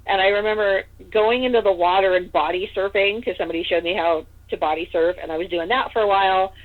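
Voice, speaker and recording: A woman from Northern California telling a story as a podcast guest, chatty and rambling, with lots of "like" and "you know.". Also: mid-range voice. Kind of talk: casual storytelling in an interview. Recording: tinny phone-line audio.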